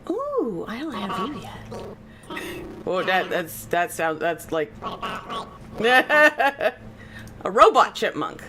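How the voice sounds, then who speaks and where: Slow-talking giggly woman streamer. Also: mid-range voice, big pitch swings, noisy background. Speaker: game streamer. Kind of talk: casual live-stream chat.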